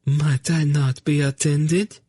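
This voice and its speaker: A timid young noblewoman , put on by a male narrator, pleads in a faltering, trembling voice, pitched well above his own. The tone stays husky and close, with old-fashioned courtly phrasing. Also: expressive, unhurried, no room sound. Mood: trembling, pleading. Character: timid, tearful young noblewoman, archaic speech.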